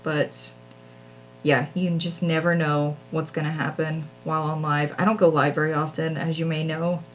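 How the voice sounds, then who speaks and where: A woman's voice: low voice, little pitch movement, normal speed, lo-fi sound, slight background noise. A woman hosting a live crafting stream, chatting casually and self-deprecatingly with viewers as she works, often laughing at herself. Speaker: craft channel host.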